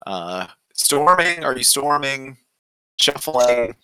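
A man running a tabletop role-playing game as game master, describing scenes and asking the players questions in a relaxed way. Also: medium pitch, slow pace, clear, resonant tone, no room sound, low-quality recording.

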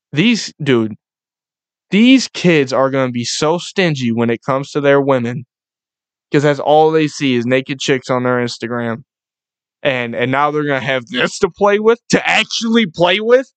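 A young man hosting a casual solo podcast, ranting in a profane, excitable, rambling way. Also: fairly high pitch, no room sound. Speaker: podcast host.

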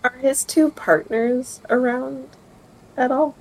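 A woman's voice: high-pitched, steady tone, slow, darkish tone, rough recording. A woman player in a tabletop game, tentative and thinking aloud.

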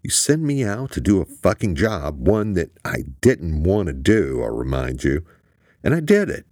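A man's voice: deep voice, big pitch swings, a little slow, creaky, husky, no room sound, voice pushed up, exaggerated voice. A man puts on a foul-mouthed young woman, her voice lifted far above his own and swinging widely. She curses and snaps back hard. The sound is close and dry. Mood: furious. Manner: shouting, cursing.

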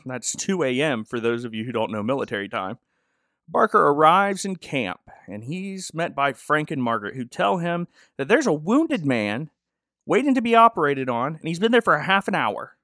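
Man recapping a show, slightly high voice, joking asides, dry close mic. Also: sing-song, moderate pace, a bit bright, dry recording. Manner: joking, rambling storyteller. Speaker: podcast host. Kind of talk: casual episode recap.

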